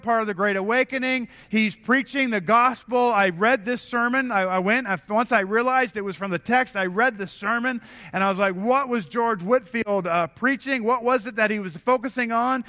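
Bright, high-voiced man preaching. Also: moderate pace. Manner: earnest, conversational preaching with repeated restarts. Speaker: pastor. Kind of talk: sermon. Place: church sanctuary.

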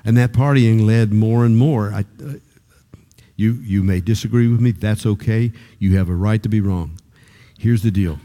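A man's voice: fairly low pitch, normal speed, mellow. An older man preaching a sermon in a conversational way, often restarting his sentences and rising to emphatic peaks. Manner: repeats words when starting sentences.

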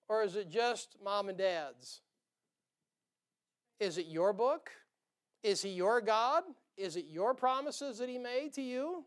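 A male pastor preaching with a high-pitched, clear and resonant voice. He keeps things folksy and joking, chuckling between points and firing rhetorical questions at his listeners. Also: normal speed. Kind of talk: sermon.

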